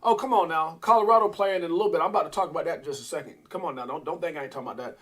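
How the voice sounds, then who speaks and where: A man hosting a live stream with a husky voice that sits a little high. He talks to his viewers in an excitable, rambling way, with his pitch jumping up and down as he goes. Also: rapid-fire. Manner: excitable, rambling, talks to chat and reads out posts. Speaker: crypto livestream host. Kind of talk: casual live commentary.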